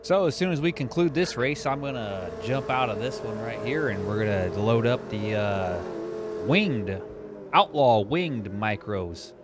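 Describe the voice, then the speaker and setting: A man commentating an online sim race he is driving in, narrating the action in casual, excitable chat. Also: mid-range voice, slight background noise. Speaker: sim racing commentator and driver.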